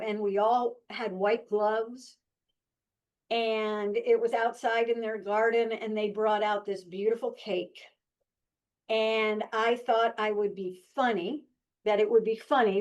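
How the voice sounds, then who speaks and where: Candid older woman, slightly high voice. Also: lo-fi sound. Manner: candid, self-deprecating, with frequent restarts. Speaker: guest. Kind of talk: reflective personal storytelling.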